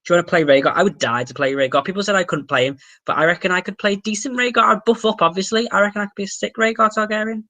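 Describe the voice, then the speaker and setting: Young English male streamer, bright tense tone with gravelly fry, chatty and excitable, answering viewer comments. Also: high voice, rapid-fire, hardly any pauses. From England. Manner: excitable, chatty, swears casually. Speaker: livestream host. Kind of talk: casual livestream chat answering viewer comments.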